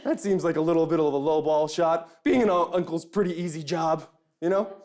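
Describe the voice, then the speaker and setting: A man's voice: on the high side, a little fast, darkish tone. A young man doing a stand-up comedy set with a dry, self-deprecating delivery.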